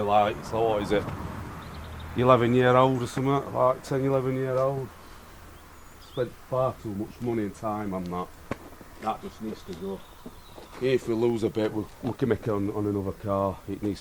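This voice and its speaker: A man's voice: on the low side, noisy background. A man who works as a car trader, talking bluntly to himself and swearing as he walks around the lot. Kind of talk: casual walk-around vlog talk.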